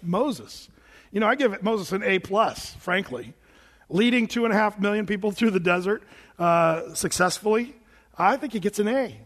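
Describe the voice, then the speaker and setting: High-voiced male pastor preaching in a hall. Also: lively intonation, moderate pace, a bit bright. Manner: conversational, with frequent restarts. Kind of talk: sermon.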